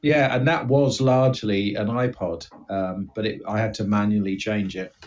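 A man's voice: lowish voice, fairly even intonation, moderate pace, darkish tone, muffled recording. A man co-hosting a comedy podcast, chatting casually and trailing off into jokes. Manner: jokey, drifting off mid-sentence. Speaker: podcast co-host.

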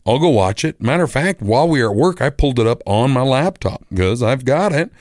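Male, middle-aged, radio personality. Chatty storyteller, animated, mid-pitched, dry close mic. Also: normal speed, dry recording. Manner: rambling, animated, acts out quoted voices. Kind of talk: casual storytelling monologue.

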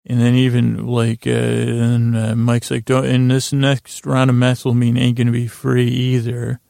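Gravelly man, flat delivery, halting bedtime recap with dry asides, close and dry. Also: mid-range voice, dry recording. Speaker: podcast host retelling a TV episode as a bedtime story.

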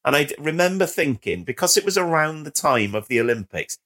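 Jokey 40s guy on a podcast, a bit high voice, bounces all over the place. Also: big pitch swings, a bit bright. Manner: jokey, quick reactions and swearing. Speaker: podcast co-host. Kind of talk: casual chat.

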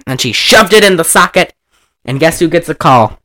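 A man retells an old movie with gleeful, profane energy, breaking into laughter and quick impressions of the characters. His voice swoops widely and has a bright, forceful edge. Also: on the high side. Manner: animated, profane, laughs often, acts out lines. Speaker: movie recapper. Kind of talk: casual retelling of a film.

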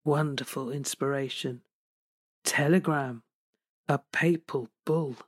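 A woman's voice: a bass voice, steady tone, takes it slowly, no room sound, clean studio sound, exaggerated voice. A woman voicing a jovial, mocking young man in an audiobook, with a playful, mock-grand delivery. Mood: gleeful. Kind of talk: literary audiobook narration.

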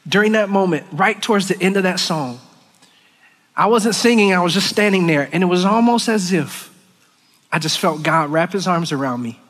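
A man leading worship, giving an earnest, emotional sermon in a church, with halting restarts. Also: fairly high pitch, a bit bright. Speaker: worship leader. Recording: long church hall reverb.

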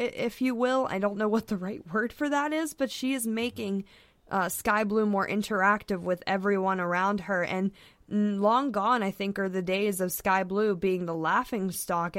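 A woman's voice: medium pitch, normal speed, dry recording. A woman guest on a podcast talking casually, with frequent fillers and restarts. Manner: chatty, many fillers and restarts. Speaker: podcast guest, soccer writer.

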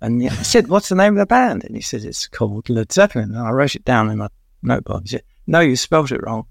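An older man, a veteran music journalist, telling rambling anecdotes in an interview with frequent pauses and chuckles. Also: mid-range voice, gravelly, no echo, studio quality.

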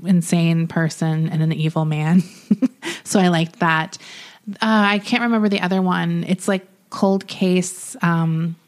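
Easygoing young woman, lowish voice. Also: fairly even intonation. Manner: easygoing, quick to laugh, hedging. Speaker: podcast co-host. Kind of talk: casual chat.

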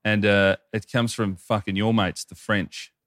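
A man's voice: fairly low pitch, little pitch movement, measured pace, fairly bright tone, no room sound, studio quality. Upbeat Australian man reading messages. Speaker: podcast co-host. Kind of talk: casual chat, reading listener messages.

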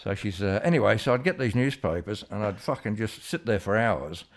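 A man's voice: lowish voice, animated, fairly quick. A man co-hosting a podcast, casual and sweary, telling stories with laughs. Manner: sweary, storytelling, laughs often. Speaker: podcast co-host. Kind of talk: casual chat.

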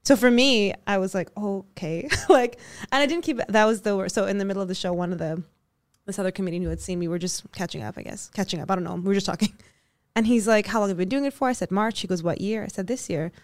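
A young woman comedian from Montreal, a guest on a podcast, telling stories in an animated way and acting out the quoted dialogue. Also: mid-range voice, quick pace, dry recording. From Montreal, Quebec. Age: young adult. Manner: animated storyteller who acts out quoted dialogue. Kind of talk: casual podcast chat.

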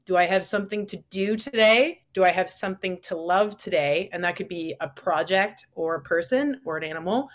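A woman's voice: on the low side, brisk, few pauses. A woman in a casual conversation, sharing self-care advice in a chatty, encouraging way with lots of "like" fillers.

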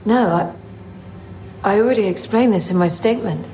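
A woman's voice: medium pitch, normal speed, a little mellow, a little hiss or hum, close to an everyday voice. An actress playing a wary young woman who answers guardedly and politely. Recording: echoey drama scene with music.

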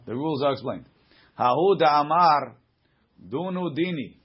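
A man's voice: on the high side, lively intonation, normal speed, breathy edge. A man teaching a Talmud class, reading lines aloud and explaining them in plain conversational English. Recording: dull lo-fi classroom recording.

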